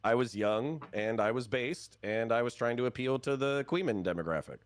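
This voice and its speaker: Man faking a deeper voice, mock confession, solemn tone, dry. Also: moderate pace, close to an everyday voice.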